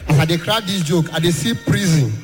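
A man's voice: on the high side, brisk, music in the background. A man with a Nigerian accent doing a stand-up comedy set in Pidgin-laced storytelling, breaking into impressions of callers. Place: large live-show hall. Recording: live hall with reverb and faint ambient noise.

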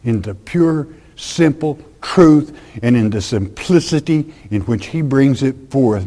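A man preaching a folksy, emphatic sermon, swinging between loud declarations and hushed asides. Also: mid-range voice, lively intonation, takes it slowly, hardly any pauses.

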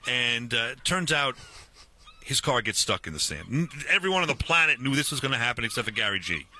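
Bright, lively man in his fifties for a casual storytelling chat, animated with restarts. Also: mid-range voice, brisk, a little hiss or hum. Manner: animated, restarts, acts out dialogue.

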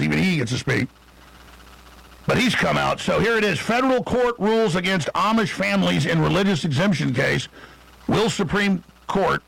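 Gravelly, indignant male radio host. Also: fairly high pitch, a bit bright, dry recording, poor audio. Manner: rambling, indignant, fast asides. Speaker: radio talk show host. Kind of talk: impassioned political monologue.

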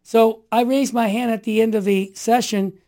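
A man in his sixties telling stories in an interview, emphatic and fervent, building to forceful outbursts. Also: very high-pitched, fairly even intonation, normal speed. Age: 60s. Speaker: guest. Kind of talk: impassioned storytelling in conversation.

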